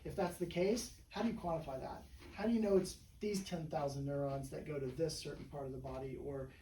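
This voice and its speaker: A man's voice: on the high side, brisk, warm tone. A man who works as a chiropractor, telling patient stories in a casual interview and rambling with lots of "you know" and "right?". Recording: echoey room, mic at a distance, faint background hum.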